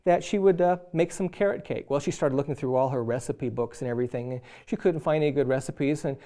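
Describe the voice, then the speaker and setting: A man's voice: medium pitch, fast talker. A middle-aged man preaching a sermon on marriage, acting out quarrelling spouses as he tells stories. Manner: animated storyteller acting out both spouses.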